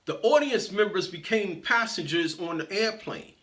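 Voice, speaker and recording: A man's voice: high voice, animated, normal speed, pushed and bright. A man giving a motivational speech as a story, playfully greeting audience members by name. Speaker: motivational speaker.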